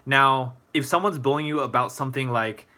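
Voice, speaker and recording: Bright-voiced man hosting a live Q&A. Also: mid-range voice, a little fast. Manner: relaxed, rambling, many fillers and restarts. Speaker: motivational speaker answering viewer questions. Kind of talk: casual live Q&A.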